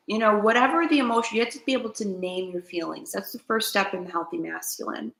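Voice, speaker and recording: A woman's voice: medium pitch, fast talker, creaky, hardly any pauses, fairly bright tone, roomy sound, poor audio. A woman hosting a spiritual self-help talk, speaking earnestly and preachily, repeating her key points and asking viewers to comment. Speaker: host.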